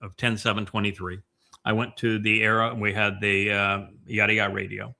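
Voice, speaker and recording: A man hosting a podcast, talking through casual commentary in a meandering way, with many fillers and restarts and a slower pace on the points he stresses. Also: lowish voice, level tone, vocal fry, sharp tone. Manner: emphatic, slows down on key points. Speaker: podcast host.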